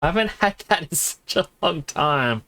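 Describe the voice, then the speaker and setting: A man streaming a game, sniffling a little and telling rambling stories with quick laughs into a desk mic. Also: on the high side, animated, bright, forceful tone. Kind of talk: casual chat while gaming.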